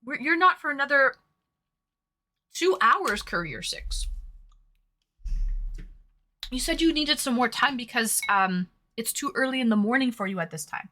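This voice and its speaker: A woman's voice: high voice, lively intonation, measured pace, long pauses, pushed and bright. A woman from Massachusetts with a Massachusetts accent, hosting a casual livestream and chatting while eating, on a webcam mic. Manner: chatty, reads chat aloud, eats between words. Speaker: streamer hosting online dates.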